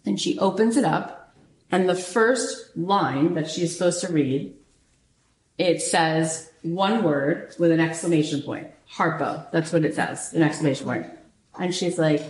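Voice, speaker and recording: A woman hosting a show, retelling a story in a lively, casual way, repeating phrases and often saying "like". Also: lowish voice, a little slow, a little hiss or hum. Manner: animated, repeats phrases, frequent "like". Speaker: podcast host. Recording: roomy echo.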